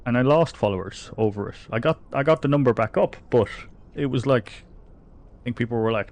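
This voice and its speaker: An Irish-accented streamer from the Republic of Ireland talks fairly quickly in a mid-range, slightly mellow voice. He chats casually with viewers during a game, reading their comments out and laughing frequently.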